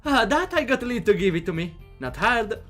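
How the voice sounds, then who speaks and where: A man's voice: sits high, big pitch swings, a little fast, a bit bright, soft background music, voice pushed up. A man reading a visual novel aloud, voicing a brash, brusque young woman who enjoys teasing. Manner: brusque, playful.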